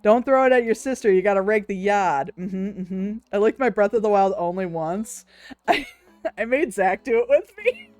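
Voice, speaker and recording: A woman's voice: mid-range voice, expressive, moderate pace, a little mellow, no echo. A woman, chatting casually with her stream viewers, laughing often, swearing freely and cooing over cute things.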